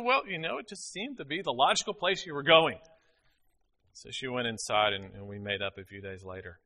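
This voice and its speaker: Bright-voiced middle-aged preacher. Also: male voice, mid-range voice, very animated, a little fast. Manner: storytelling, folksy, with many "you know" fillers. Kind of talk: sermon.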